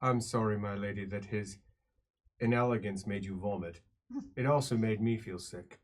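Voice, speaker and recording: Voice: sits low, steady tone, normal speed, pitched below the performer's own voice. A game master voicing a stern, haughty male emperor who lectures in a formal, bellowing way. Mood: smooth.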